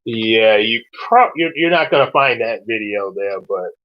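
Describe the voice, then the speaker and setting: A man reading his own novel aloud, with casual, animated asides. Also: fairly low pitch, unhurried. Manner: animated, laughs often, quiet asides. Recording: dull lo-fi recording.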